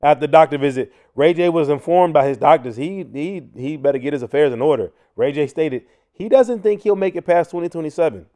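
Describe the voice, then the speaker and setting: A young man hosting a casual news commentary stream, loud and mocking, with a slangy delivery. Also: fairly high pitch, a little fast, few pauses. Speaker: host.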